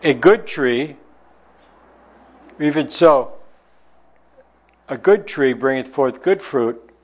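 A man's voice: medium pitch, lively intonation, slow, breathy edge. Emphatic man preaching, lo-fi. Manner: emphatic rhetorical questions, reading old scripture aloud. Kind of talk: sermon with scripture reading. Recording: dull lo-fi sound.

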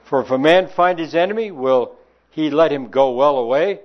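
Male preacher, slightly high voice, emphatic and questioning, muffled lo-fi recording. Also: lively intonation, normal speed. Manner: emphatic rhetorical questions, reading old scripture aloud. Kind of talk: sermon with scripture reading. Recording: dull lo-fi sound.

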